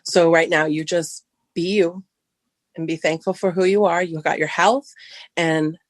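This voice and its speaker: A middle-aged Southern California woman, guesting on a podcast, casually tells a personal story and acts out the dialogue, her voice climbing high when she gets excited. She speaks a little slowly, and there's no room sound.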